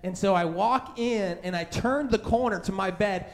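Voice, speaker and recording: Man pastor with a high, youthful-sounding voice, preaching casually and acting out his stories with lots of energy. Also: normal speed. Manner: animated storytelling, acting out scared voices; conversational, many fillers like "right?" and "like". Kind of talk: sermon with personal story.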